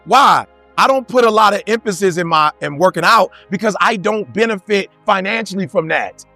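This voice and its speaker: A man's voice: high voice, expressive, moderate pace, creaky, pushed and bright, no room sound, soft background music. A man giving a motivational talk to a live audience, firing off rhetorical questions in casual street slang. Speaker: motivational speaker.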